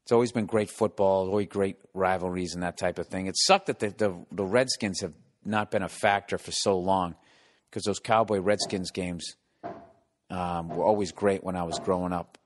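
A middle-aged man hosts his podcast at home, construction going on below, ranting casually with profane, sarcastic asides and mocking put-on voices. His voice sits low, with fairly even intonation at normal speed.

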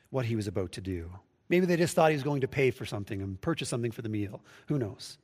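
A pastor giving a conversational sermon, with restarts and acted-out quotes. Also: male voice, medium pitch, darkish tone, big-room sound. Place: church sanctuary, livestreamed.

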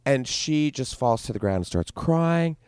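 A young man casually telling a story, lively and acting out the voices of the people in it. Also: mid-range voice, measured pace, clear, resonant tone, no echo, studio quality. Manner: animated, acts out voices in his stories.

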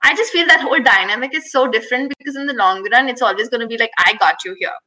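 Laughing, bright-voiced woman. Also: fairly high pitch, fast talker, poor audio. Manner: candid, laughs often, rambling. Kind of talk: casual chat.

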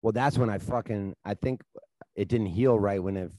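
A man telling loose, profane stories in casual chat, getting loud and laughing as he goes. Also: lowish voice, normal speed, dry recording. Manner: profane, animated storyteller, laughs at his own stories.

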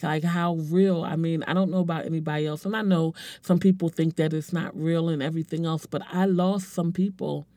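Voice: medium pitch, dark tone, no echo. A speaker in their forties gives a heartfelt personal testimony, emotional and earnest, often stumbling and repeating words. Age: 40s. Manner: earnest, halting, repeats words while searching for them. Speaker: speaker sharing a personal story.

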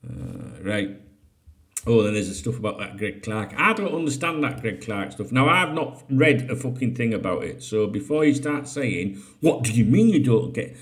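A man's voice: on the low side, expressive, normal speed, a bit bright. A man hosting a casual solo podcast. He reads out headlines and breaks in with sweary, jokey asides. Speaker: podcast host.

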